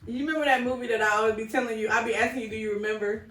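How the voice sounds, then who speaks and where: A woman's voice: a little high, steady tone, rapid-fire, fairly bright tone. Chatty woman co-host, roomy sound. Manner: chatty, reads out others' answers. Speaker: podcast co-host. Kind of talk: casual chat. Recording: roomy, distant mic.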